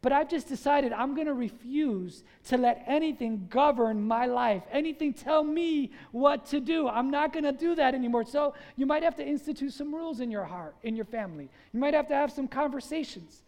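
High-voiced preaching man. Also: normal speed, few pauses. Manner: lively preaching, call-and-response with the congregation; acts out scenes in quoted voices. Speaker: pastor. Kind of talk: sermon.

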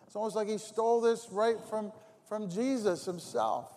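A man's voice: high voice, normal speed, mellow. A man preaching a sermon as pastor, talking conversationally and repeating phrases for emphasis. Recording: long hall reverb.

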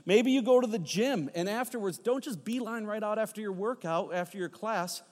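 Animated male pastor in a reverberant church. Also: high voice, moderate pace. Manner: animated storytelling, playful asides to the congregation. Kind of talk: sermon. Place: church sanctuary. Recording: long hall reverb.

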